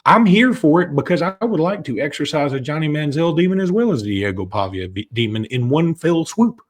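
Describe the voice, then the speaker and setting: A man's voice: on the high side, animated, fairly quick. A man co-hosting a sports podcast, talking casually and joking as he breaks down a game. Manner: chatty, joking, with restarts. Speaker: podcast co-host.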